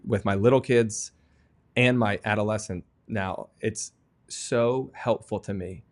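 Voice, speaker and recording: A man in his thirties, a guest author telling parenting stories in an earnest, animated way during a podcast interview. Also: fairly low pitch, unhurried. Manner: earnest, animated storytelling with laughs.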